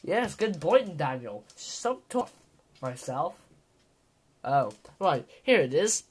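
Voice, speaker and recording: A man commentating on his own gameplay, rambling and self-mocking, swinging from mumbles to loud outbursts. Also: fairly high pitch, very animated, takes it slowly, slightly rough. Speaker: gaming vlogger. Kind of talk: let's-play commentary.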